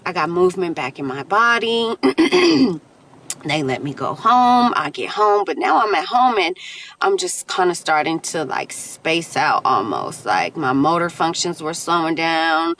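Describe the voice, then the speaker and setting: A woman, a mother, candidly telling a personal story in a casual vlog, animated and quoting her own thoughts. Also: lowish voice, unhurried, slight background noise. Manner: candid, animated retelling with laughs and quoted inner voices.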